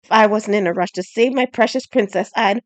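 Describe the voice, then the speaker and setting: A woman voicing a brash, arrogant male knight in an audiobook, who speaks loudly and slowly with a snarl. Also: mid-range voice, no room sound, close to an everyday voice. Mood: scornful. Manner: loud, slow, snarling.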